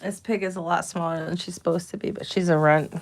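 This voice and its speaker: A woman's voice: lowish voice, steady tone, quick pace. A young woman on a farm, cooing and teasing her animals in a pen in casual chat. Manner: cooing baby talk to animals, playful teasing. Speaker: farm vlogger.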